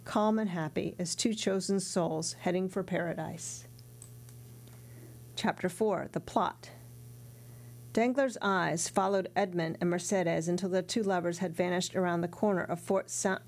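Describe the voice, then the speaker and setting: A woman narrating a classic novel aloud in a steady, even storytelling voice. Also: fairly low pitch, moderate pace. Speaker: audiobook narrator.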